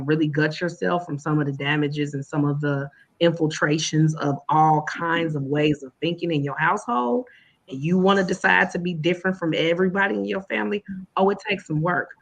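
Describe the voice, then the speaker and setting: A woman's voice: deep voice, fairly even intonation, fairly quick. A woman educator who is a guest on a podcast. She tells earnest stories about her classes and acts out the exchanges with her students. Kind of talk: casual chat.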